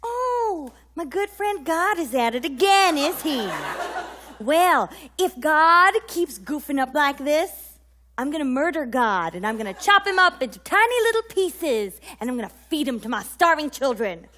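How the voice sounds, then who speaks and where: A woman playing an exasperated, nagging pioneer wife in an improvised comedic role-play over a game, with a sharp, scolding drawl. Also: high-pitched, very animated, normal speed, full character voice. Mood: sarcastic.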